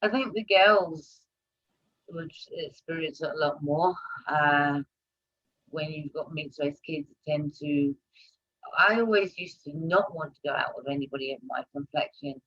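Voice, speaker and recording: A woman hosting a live talk stream, talking casually and turning loud and animated when she presses a point. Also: low voice, a little slow, lo-fi sound. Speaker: host of a live talk show.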